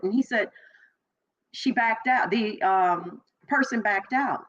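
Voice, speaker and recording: A middle-aged woman from Chicago, a former police officer, telling her story as an interview guest and acting out the voices of people she quotes. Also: unhurried. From Chicago, Illinois. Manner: animated, acts out quoted voices with big pitch jumps. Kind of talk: personal storytelling in conversation. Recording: slightly dull lo-fi audio.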